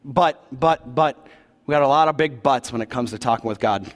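A man preaching a sermon in a church, retelling a scripture story in a casual, animated way with slangy asides. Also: medium pitch, moderate pace. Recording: long reverb of a large hall.

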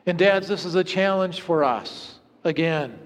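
A man preaching a sermon in a church, earnest and storytelling, dropping to hushed low tones at moments. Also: a little slow, big-room sound. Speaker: pastor. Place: church sanctuary.

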